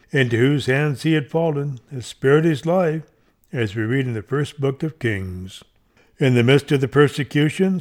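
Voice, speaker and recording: A man's voice: medium pitch, a little mellow. A man reading an old devotional sermon aloud in a solemn, emphatic way, lifting his voice on each turn of the argument. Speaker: reader of a devotional text.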